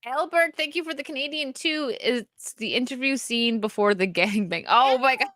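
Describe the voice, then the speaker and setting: A woman's voice: high voice, moderate pace, a bit bright, dry recording, studio quality. An American woman co-hosting a casual live stream, giggling often as she reads out donations. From United States. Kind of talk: casual chat.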